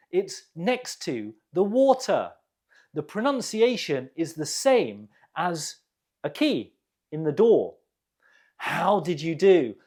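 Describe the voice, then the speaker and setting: Male english teacher, very slow delivery, lively pitch, quiz host. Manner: slow, deliberate model pronunciation. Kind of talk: quiz lesson.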